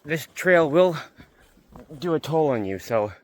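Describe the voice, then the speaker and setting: A young man vlogging as he hikes up a mountain trail. He is out of breath and chatty, and he repeats himself when something excites him. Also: on the high side, a little slow. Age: young adult. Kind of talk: casual hiking vlog.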